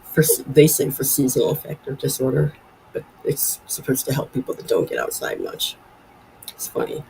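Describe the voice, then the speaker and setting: A woman's voice: extremely low pitch, big pitch swings, moderate pace, creaky, dark tone, slight background noise, poor audio. A woman in her forties hosting a casual live stream from home, rambling and chatty as she reads viewer comments aloud. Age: 40s. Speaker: livestream host.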